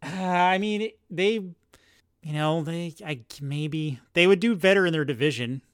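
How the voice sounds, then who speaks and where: A man's voice: fairly high pitch, measured pace, clean tone, dry recording. Laughing male co-host, dry close sound. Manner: laughs often, wry jokes. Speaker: podcast co-host. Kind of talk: casual sports chat.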